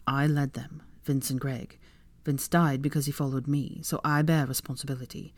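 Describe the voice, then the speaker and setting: A sullen young wizard, played by a woman reader who drops her voice very low and keeps it flat and grumbling. The storybook reading sounds close and dry, with no room around it. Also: normal speed, no room sound. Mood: somber. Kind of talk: audiobook fan-fiction reading.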